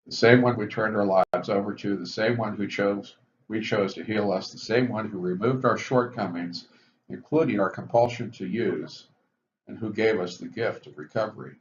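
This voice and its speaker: A man explaining the twelve recovery steps in a measured, explanatory lecture, stressing each step heading. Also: fairly low pitch. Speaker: physician teaching addiction recovery. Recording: dull lo-fi recording with faint hiss.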